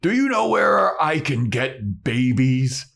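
A man voicing a huge, hungry, centuries-old male troll who speaks slowly and formally. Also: mid-range voice, sing-song, creaky, fairly bright tone, breathy edge, pitched above the performer's own voice, exaggerated voice. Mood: pompous, hungry. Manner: slow, drawn-out, formal speech.

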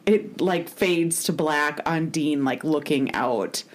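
A woman's voice: low voice, slow pace. A young woman hosting a podcast, chatting casually and recapping an episode, rambling and laughing often. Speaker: podcast host.

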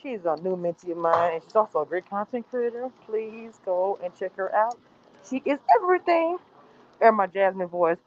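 A woman's voice: mid-range voice, normal speed, hardly any pauses, a little hiss or hum. A woman with a Southern US accent, chatting sassily and animatedly to her viewers on a livestream from her car. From Southern United States. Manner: animated, sassy, laughing. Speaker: livestream host. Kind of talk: casual livestream chat. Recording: dull lo-fi livestream audio.

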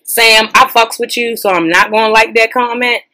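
A woman hosting a podcast, giving sassy, profane, animated reaction commentary in as she scrolls social media. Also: a little high, normal speed.

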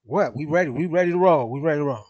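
A man voicing the biblical leader Joshua as a disbelieving, exasperated man with high-pitched outbursts in a comedic retelling. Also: fast talker, lo-fi sound, natural voice. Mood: incredulous. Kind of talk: comedic retelling in a podcast monologue.

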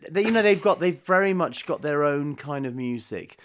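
An older man and musician guest, telling lively anecdotes in casual chat. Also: fairly high pitch, normal speed. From England. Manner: lively storyteller, chuckles often.

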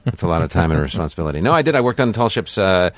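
A man's voice: sits low, very animated, rapid-fire, no echo. A man from Buffalo, a podcast guest, telling stories in casual chat and often breaking off mid-sentence. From Buffalo, New York. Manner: rambling, self-interrupting storyteller.

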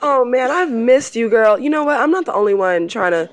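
A woman co-hosting a podcast with a voice hoarse from a cold, chatting in a friendly way with laughing banter. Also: on the high side, animated, a little fast, no room sound. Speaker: podcast co-host. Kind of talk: casual chat.

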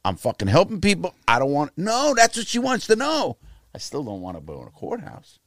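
A middle-aged man from the United States tells his life story in casual conversation, blunt and profane, acting out the people in his tales with lively voices. His voice is a little high and brisk, recorded dry with clean studio sound.

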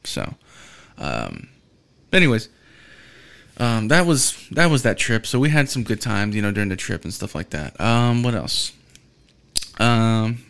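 On a casual podcast, a male host delivers a rambling monologue in a mid-pitched, fairly bright voice that is clear and resonant. He restarts sentences, says "um" constantly, and swears easily and often.

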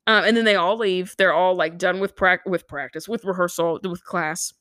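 A young woman co-hosting a podcast, chatting casually and telling a story with lively impressions of the people in it. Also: normal speed, no room sound. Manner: animated storyteller, mimics people in shrill voices. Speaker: podcast co-host. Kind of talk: casual chat recapping a reality show.

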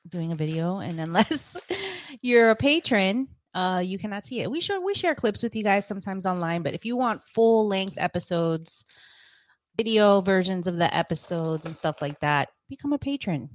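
A woman's voice: medium pitch, animated, normal speed. A woman co-hosting a podcast, talking casually and easygoing, often laughing. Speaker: podcast co-host. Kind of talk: casual chat.

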